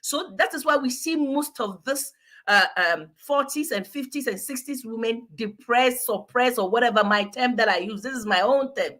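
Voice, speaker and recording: Woman from Africa, guest, exhortative advice talk, high voice, bright tone. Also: moderate pace. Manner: emphatic, exhortative, preachy.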